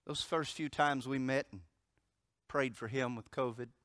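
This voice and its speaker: A man preaching a sermon as pastor, moving from loud emphatic declarations to hushed storytelling. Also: mid-range voice, steady tone, a little slow.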